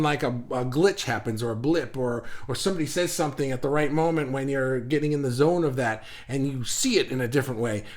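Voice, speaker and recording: A man's voice: mid-range voice, a bit bright. A man hosting a live stream, reading viewers' comments aloud and riffing on them in a rambling, self-mocking way. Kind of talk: casual live-stream chat.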